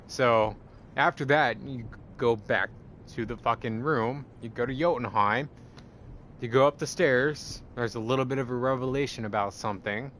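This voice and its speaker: A man's voice: medium pitch, moderate pace, a little hiss or hum. Rambling, cursing guy in casual chat. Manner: rambling, profane and excitable, with many fillers.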